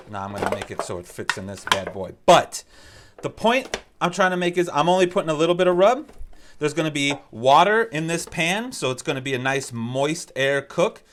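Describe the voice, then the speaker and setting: A man's voice: a little high, a bit bright. A man hosting a casual cooking demonstration, talking in an easygoing, instructive and encouraging way. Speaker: cooking show host.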